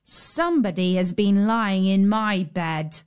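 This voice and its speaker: A woman's voice: mid-range voice, takes it slowly, clear, resonant tone, natural voice. A woman voicing a middle-sized male bear in a storybook reading. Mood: indignant.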